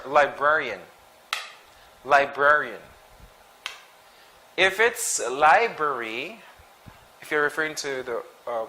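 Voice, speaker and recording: A man teaching a pronunciation drill, repeating each word clearly and explaining where the stress falls. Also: on the high side, sharp tone, slight background noise, rough recording. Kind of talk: slow, deliberate pronunciation drill.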